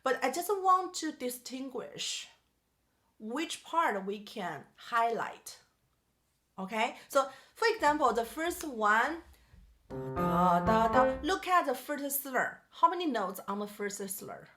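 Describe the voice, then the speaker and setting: Slow-speaking woman piano teacher. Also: sits high, lively intonation, pushed and bright. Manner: sings melodies on syllables, asks the student questions. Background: piano playing.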